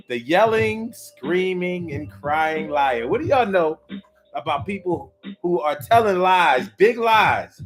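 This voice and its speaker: Guy hosting his own show, lively sing-songy delivery, kinda high voice, soft music in the back. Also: measured pace. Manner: animated, rhythmic, acts out quoted voices. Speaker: show host. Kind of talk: casual monologue talk show.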